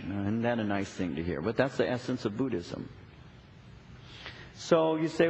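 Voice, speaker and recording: A man's voice: mid-range voice, lively intonation, moderate pace, long pauses, darkish tone. Emphatic preaching man in an echoey hall. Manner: earnest, emphatic preaching with repetitions. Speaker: pastor. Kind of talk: sermon. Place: church sanctuary. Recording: echoey, dull church recording.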